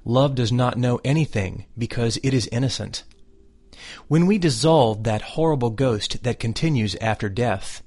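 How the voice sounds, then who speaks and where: A man giving a scripted spiritual reading in a slow, measured, solemn way. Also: medium pitch.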